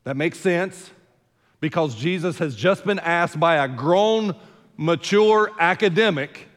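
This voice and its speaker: A man's voice: fairly high pitch, slow pace, big-room sound. An older man preaching a sermon as senior pastor, talking in a conversational way with joking asides and repeating words as he starts a thought. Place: church sanctuary.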